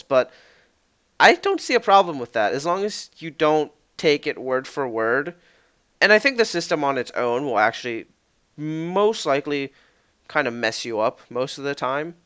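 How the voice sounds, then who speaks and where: A man's voice: a little high, a bit bright, clear, resonant tone. A man co-hosting a casual podcast, rambling and correcting himself as he acts out what players say. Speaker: podcast co-host. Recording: dull lo-fi podcast mic.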